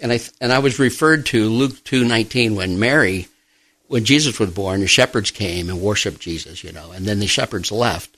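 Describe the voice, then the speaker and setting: A middle-aged man, a pastor and grief counselor, speaking softly and reflectively in an interview, pausing often. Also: on the low side, dry recording, low-quality recording. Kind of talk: personal testimony in an interview.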